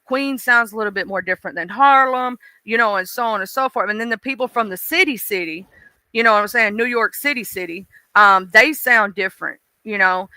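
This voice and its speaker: Bright-voiced Southern woman chatting. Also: fairly high pitch, brisk, few pauses, smooth, no room sound. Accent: Southern US, mixed. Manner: chatty and folksy, addresses viewers directly. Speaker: live stream host. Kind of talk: casual live-stream chat, answering viewer comments.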